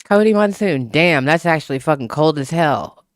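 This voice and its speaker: This livestreaming author has an animated mid-range voice at a normal speed, talking casually and profanely from a room at home with the window open and laughing a lot. A small desktop microphone picks it up with studio quality and no audible room sound.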